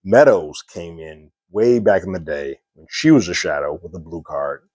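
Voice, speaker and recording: Brief: male TV reviewer with a low voice, relaxed recap full of fillers, dry close sound. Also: moderate pace, dry recording. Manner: loose recap with frequent fillers, retelling scenes in quoted dialogue. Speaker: TV episode reviewer. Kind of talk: casual spoken review.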